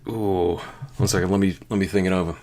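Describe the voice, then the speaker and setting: A man's voice: low-pitched, fairly even intonation, fast talker, background noise. A man with a sore, dry throat, joking and rambling crudely while playing a video game. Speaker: game streamer. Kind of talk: casual let's-play commentary.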